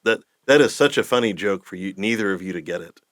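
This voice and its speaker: A man's voice: fairly low pitch, expressive, fast talker, fairly bright tone, no echo, clean studio sound. Playful joking man hosting a podcast. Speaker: podcast host. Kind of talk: casual interview chat.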